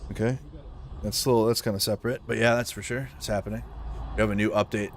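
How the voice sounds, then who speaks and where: A man's voice: lowish voice, steady tone, fast, background noise. A man hosting a live news commentary stream, talking bluntly and with profanity. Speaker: livestream news host.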